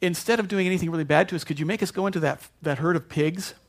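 A man voicing a band of frightened male demons who beg in a strained, high voice. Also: fast, lightly acted. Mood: wheedling.

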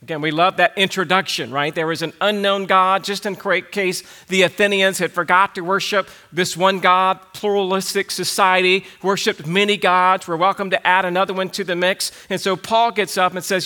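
A man delivering a sermon in a high, bright voice. He declares his points with firm conviction and drives them home by repeating key phrases. His delivery is emphatic and direct. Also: steady tone, normal speed, few pauses. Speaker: pastor.

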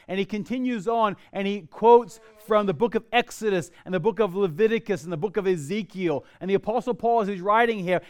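A man preaching a sermon as pastor to a congregation in church, emphatic, and slowing down when he reads scripture aloud. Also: high-pitched. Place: church before a live congregation.

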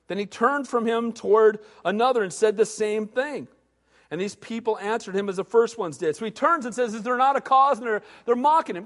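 A man with a notably high voice preaches a sermon in a hall with a long, ringing reverb. He reads scripture and then bursts into animated retellings, voicing the characters himself. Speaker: pastor.

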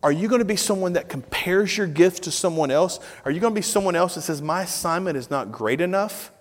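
A middle-aged man preaching a sermon, telling a family story with lively acted-out dialogue before turning to earnest exhortation. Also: high voice, brisk. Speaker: pastor. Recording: long reverb of a large hall.

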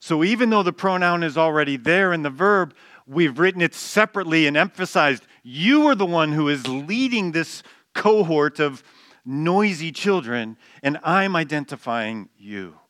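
A man's voice: fairly high pitch, lively intonation, moderate pace, fairly bright tone, no echo, studio quality. A man preaching a sermon, explaining a text with emphatic stress on key words and some restarts. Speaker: pastor.

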